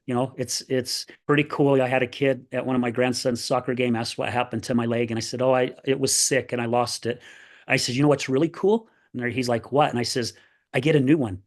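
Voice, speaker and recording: A man's voice: medium pitch, a little fast. A man in his sixties, a podcast guest, talking in an earnest, upbeat way and often tagging sentences with "right?". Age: 60s. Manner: earnest, upbeat, repeats "right?" and "I tell you what"; plays other people's voices in animated retellings. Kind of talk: candid interview talk.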